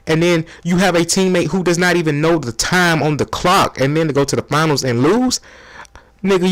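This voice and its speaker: A man's voice: a little high, lightly acted. A man putting on a brash, slangy sports TV pundit who hypes up his favorite player, in a comedy spoof of a sports debate show.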